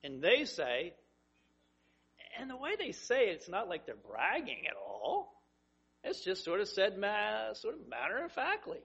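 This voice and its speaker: A man preaching a sermon, telling vivid stories that swing between hushed and emphatic. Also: sits high, wildly swooping pitch, unhurried, creaky, breathy edge, lo-fi sound. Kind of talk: sermon, Bible teaching.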